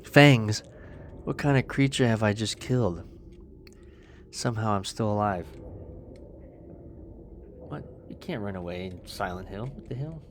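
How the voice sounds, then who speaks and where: A man's voice: lowish voice, unhurried, pauses often, slight background noise. A man streaming a horror game, reading its text aloud with crude, joking asides. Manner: profane, joking asides between narration. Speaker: gaming streamer.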